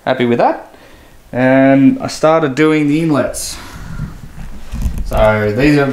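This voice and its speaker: An Australian man talking casually as he builds, thinking aloud and picking at his own mistakes in a workshop. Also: mid-range voice. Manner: thinking aloud, self-critical, easygoing. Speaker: boat builder vlogger. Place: boat shed workshop. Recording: echoey workshop, faint background noise.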